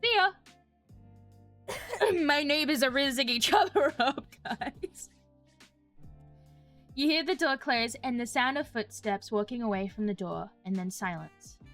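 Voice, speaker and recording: A woman's voice: a little high, expressive, moderate pace, fairly bright tone, faint music behind. A woman streaming a story game, giggly and self-mocking, reading the narration aloud and chatting.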